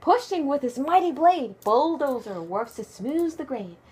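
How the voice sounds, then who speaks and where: Animated woman reading a bedtime story. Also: sits high, a little slow. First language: Japanese. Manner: animated, expressive, hushed at times. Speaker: parent reading a picture book aloud. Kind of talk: bedtime story read-aloud.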